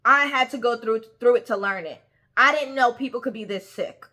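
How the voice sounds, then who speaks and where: Woman, young, fairly high voice, bright tone, emphatic, repeats words for stress. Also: normal speed. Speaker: reality TV commentator. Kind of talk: opinionated casual commentary.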